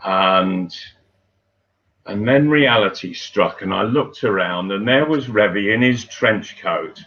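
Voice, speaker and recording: An older man, a former footballer, telling stories in casual chat, unhurried and halting, with many fillers and restarts. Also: on the low side, bright, forceful tone. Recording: dull lo-fi sound.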